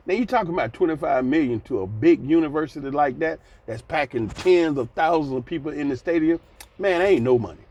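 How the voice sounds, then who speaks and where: A man's voice: a little high, lively intonation, fairly quick, darkish tone. A man in his sixties giving blunt, folksy commentary, ranting and sighing between points. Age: 60s. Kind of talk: casual commentary vlog.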